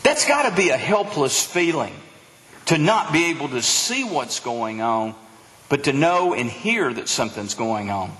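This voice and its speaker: A man's voice: medium pitch, expressive, unhurried, fairly bright tone. A man preaching a sermon as a pastor, delivering it with animation and acting out the voices of the crowd. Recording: long hall reverb.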